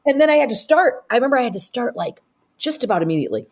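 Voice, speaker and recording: A woman in her sixties from upstate New York, an actress telling stories as a guest in a casual interview, animated and full of quick asides. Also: a little high, background noise. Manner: animated storyteller, rapid asides and fillers.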